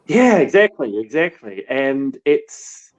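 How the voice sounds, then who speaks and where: A man from New Zealand, a war correspondent, telling stories in a relaxed, halting way. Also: medium pitch, low-quality recording. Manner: relaxed storytelling with many restarts. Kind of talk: casual remote interview.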